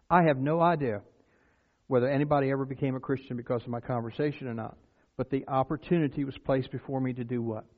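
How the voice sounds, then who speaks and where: Man preaching a sermon, tinny lo-fi sound. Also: mid-range voice. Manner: storytelling, rises to emphatic exclamations.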